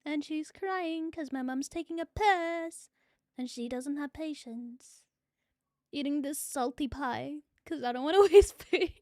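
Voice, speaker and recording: A woman's voice: high-pitched, a little slow, darkish tone, dry recording, clean studio sound. A young woman streaming a game, chatting casually, swearing freely and laughing often. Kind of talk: casual gaming stream chat.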